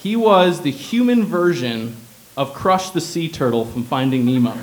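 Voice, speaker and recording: A man's voice: a little high, lively intonation, moderate pace, slight background noise, poor audio. A young man from Illinois reading his own humorous personal essay aloud in a wry, sardonic tone. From Illinois, USA.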